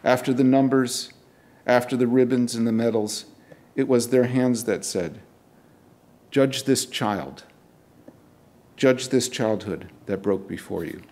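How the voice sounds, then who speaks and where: A middle-aged man, a poet, reading his poems aloud at a university event in a measured, deliberate way, with casual remarks between poems. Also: mid-range voice, a little mellow. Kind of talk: poetry reading.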